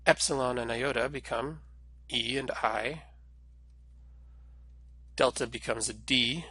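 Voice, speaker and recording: A man's voice: mid-range voice, takes it slowly, sharp tone, no room sound. A man giving a recorded language lesson, explaining pronunciation patiently and step by step. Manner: clear, patient, step-by-step teaching. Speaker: Greek language instructor.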